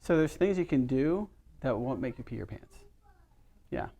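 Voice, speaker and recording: A man's voice: medium pitch, big pitch swings, normal speed, vocal fry, mellow, dull audio. A middle-aged man leads a casual workshop for a small group. He talks in a chatty, storytelling way and keeps asking his listeners questions. His voice sits in an ordinary middle range. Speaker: chiropractor leading a workshop.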